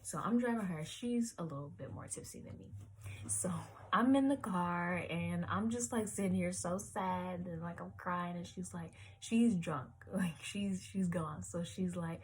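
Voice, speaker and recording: A woman's voice: fairly low pitch, measured pace, slight background noise. A woman in her twenties telling a rambling storytime vlog story, full of "like" and "um", sometimes dropping to a whisper. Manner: rambling, lots of "like" and "um", drops to whispers. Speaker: vlogger.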